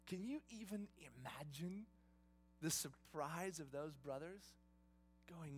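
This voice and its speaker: A man preaching a sermon, retelling a story in a lively, conversational, dramatic way. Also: on the high side, takes it slowly, a little hiss or hum. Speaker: pastor.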